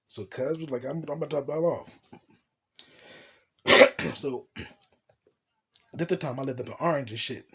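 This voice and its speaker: Husky man telling a slangy story. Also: mid-range voice, unhurried, pauses often, pushed and bright. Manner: loose, slangy, profane street talk. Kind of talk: casual storytime monologue.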